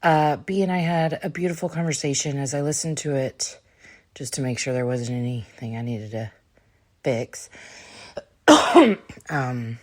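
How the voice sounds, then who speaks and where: A woman's voice: a bass voice, a little slow. A woman hosting a podcast who is out of breath, talking casually in a rambling, self-deprecating way. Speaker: podcast host.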